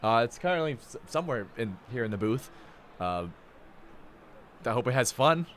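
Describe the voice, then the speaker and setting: A man's voice: mid-range voice, lively intonation, normal speed, fairly bright tone, a little hiss or hum. A young man giving live play-by-play commentary, playful and jokey, with rambling asides. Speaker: play-by-play announcer.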